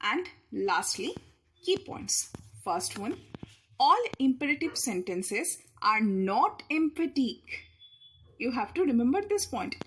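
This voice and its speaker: A woman's voice: high-pitched, fairly bright tone. A woman explains grammar in short, repeated phrases. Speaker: English teacher.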